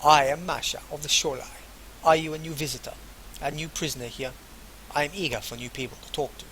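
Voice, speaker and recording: A man voicing a foreign woman envoy in her thirties, using a halting put-on accent and formal phrasing. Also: fairly high pitch, fairly even intonation, a bit bright, slight background noise, natural voice, poor audio. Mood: earnest.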